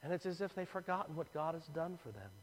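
A man with a fairly high, level-toned voice preaches fast, with a little hiss or hum on the recording. His sermon is dramatic, acting out the crowd's voices, and a large hall lends it long reverb.

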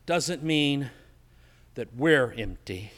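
A man preaching a sermon as pastor, slow and emphatic, dropping to a hush on key words, recorded in an empty church. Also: mid-range voice, animated, big-room sound. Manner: slow, emphatic preaching with dramatic drops to quiet.

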